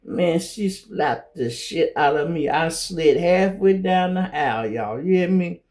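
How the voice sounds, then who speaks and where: A man's voice: on the high side, measured pace, few pauses. A middle-aged man with a Chicago accent telling casual stories as a show host, acting out quoted voices. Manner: animated, acts out quoted voices. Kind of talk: casual storytelling monologue.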